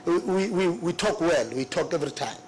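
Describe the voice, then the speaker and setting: A middle-aged man giving formal testimony at a hearing, earnest and remorseful, halting and repeating himself. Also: on the high side, lively intonation, slight background noise, low-quality recording. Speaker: witness at a public hearing.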